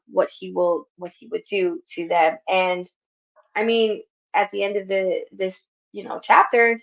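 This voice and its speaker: Earnest woman with a gravelly voice. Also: on the high side. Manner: earnest, repeats her phrases. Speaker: Bible study host. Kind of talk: earnest Bible study teaching. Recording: dull lo-fi recording.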